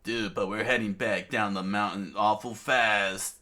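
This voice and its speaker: A laid-back young male pirate captain, as a man voices him in a comic read-aloud, drawling like a surfer dude. The voice sits low and unhurried, close to an everyday speaking voice. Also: steady tone, bright, forceful tone.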